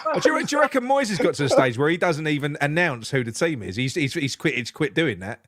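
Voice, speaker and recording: Animated sweary man on a football podcast. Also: fairly high pitch, fast, slight background noise. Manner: sweary, laughing, animated impressions. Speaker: podcast co-host. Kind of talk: casual football chat.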